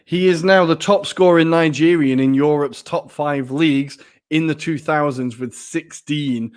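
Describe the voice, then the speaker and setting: Excitable man in football banter. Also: fairly high pitch, measured pace, smooth. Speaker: podcast co-host. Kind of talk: casual football chat.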